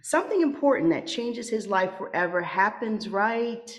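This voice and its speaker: A woman voicing a calm, patient senior angel who also narrates a radio play. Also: medium pitch, moderate pace, natural voice. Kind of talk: old-time radio play.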